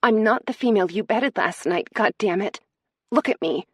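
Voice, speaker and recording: A woman's voice: medium pitch, lively intonation, moderate pace, gravelly, slightly rough, no room sound, clean studio sound, voice pushed up. A woman voicing a proud, scarred young maid who was once a warrior, speaking in a tearful, pleading and defiant way.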